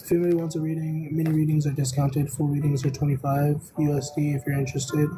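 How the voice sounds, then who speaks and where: A tarot reader with a medium-pitched, flat delivery hosts a casual live stream against a noisy background. She rambles without hurry, often saying "um" and "I don't know."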